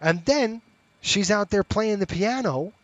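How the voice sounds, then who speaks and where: A man's voice: high voice, animated, unhurried, no echo, dull audio. A middle-aged man streaming a flight sim, chatting casually and talking straight to his viewers. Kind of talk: casual live-stream chat and commentary.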